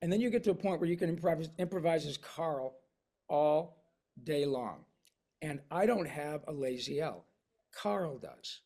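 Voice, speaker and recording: A male voice actor talking casually in an interview. He is animated and keeps breaking into quick voices and dialects to illustrate what he means. His voice sits a little higher than most men's.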